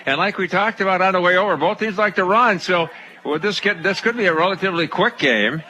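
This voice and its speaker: A man calling a small-town football game play by play, with a voice sitting a bit high for a man. He rattles off the action briskly, then loosens into easy chat between plays. Outdoor field noise runs steadily behind him. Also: bright, forceful tone. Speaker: play-by-play announcer. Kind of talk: local radio football commentary.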